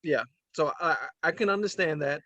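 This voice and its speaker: A man's voice: fairly high pitch, normal speed, dry recording. Chatty man reviewing a movie, dry sound. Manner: animated, laughs often, trails off with "um". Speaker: podcast co-host. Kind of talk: casual movie review chat.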